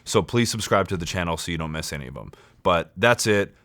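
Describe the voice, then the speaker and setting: Male podcast host, very low voice, dry close mic, friendly outro. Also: animated, a little fast, fairly bright tone, dry recording. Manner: friendly, direct appeal to viewers.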